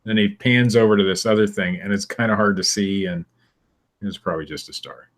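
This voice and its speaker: A man's voice: fairly low pitch, brisk. A man co-hosting a podcast, reading odd news stories aloud in a dry, sarcastic way and laughing at them. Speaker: podcast co-host.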